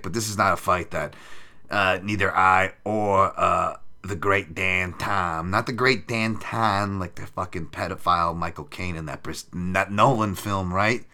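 A man's low voice, bright and forceful, carries his betting show as he previews upcoming fights. He trades crude, sarcastic banter laced with profanity throughout the sports betting commentary.

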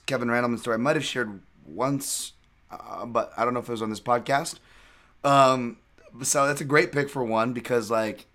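A man's voice: medium pitch, a bit bright. Male podcast host, casual chat, rambling storyteller with lots of fillers and restarts.

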